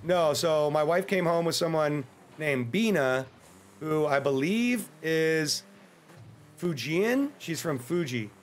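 An American man streaming a game, chatting casually in a joking, rambling way and breaking into sudden excited yelps. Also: on the high side, slow, slight background noise. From United States. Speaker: livestreamer. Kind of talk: casual gameplay livestream commentary.

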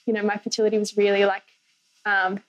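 A woman's voice: mid-range voice, level tone, fast talker, muffled recording. Casual young woman guest chatting. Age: young adult. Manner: casual, filler-heavy, laughs lightly while talking. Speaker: podcast guest. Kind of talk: casual conversational podcast.

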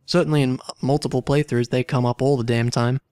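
A man's voice: medium pitch, fairly even intonation, quick pace, warm tone, clear, resonant tone, no echo. A man hosting a let's play, chatting casually and thinking aloud about his choices. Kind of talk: casual game commentary.

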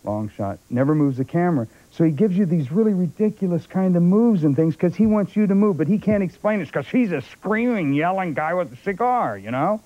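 An older film actor, appearing as a talk show guest, tells anecdotes in a brisk, high-pitched voice with hardly any pauses. He's an animated storyteller who acts out other people's voices, heard on dull lo-fi broadcast tape.

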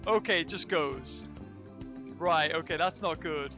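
High-voiced man streaming a zoo game. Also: measured pace, music in the background. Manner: chatty, reads and answers live chat while playing. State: recovering from illness. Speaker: let's play streamer. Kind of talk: casual livestream commentary.

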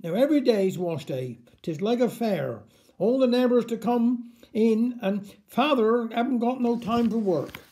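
A man reading a comic dialect story aloud in an unhurried, wry storytelling manner. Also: very high-pitched, expressive, warm tone.

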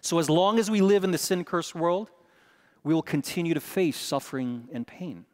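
A middle-aged man preaching a sermon in a chapel and telling a personal story with animated delivery, acting out the voices in his quotes. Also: fairly high pitch, normal speed, in a large hall. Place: large chapel.

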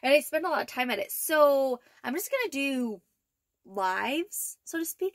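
A young woman with a high, light voice chats through a casual vlog update, rambling with plenty of fillers and little laughs. The sound is close and dry, with no room echo. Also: lively intonation, a little slow, a bit bright. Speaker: vlogger. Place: inside her camper van.

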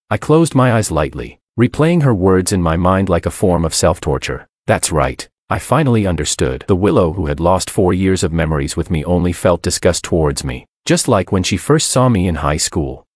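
A man's voice: sits low, dry recording, studio quality. A man narrating a first-person story in an earnest, brooding storytelling manner.

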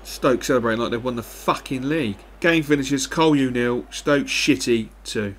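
A young man giving animated live commentary over a football video game, swinging between excitement and frustration and swearing often. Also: mid-range voice, normal speed, hardly any pauses. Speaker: gaming commentator.

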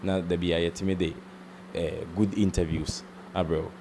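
A man's voice: deep voice, level tone, normal speed, darkish tone, slight background noise. A man with a Ghanaian accent hosting an interview, mixing in English and urging viewers to subscribe. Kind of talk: casual interview talk.

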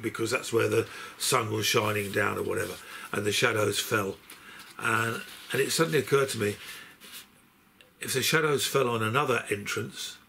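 Gravelly older man telling rambling anecdotes. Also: medium pitch, a bit bright, a little hiss or hum. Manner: rambling storyteller, stops and restarts sentences. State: unwell. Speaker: musician presenting his box set. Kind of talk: anecdotal unboxing chat.

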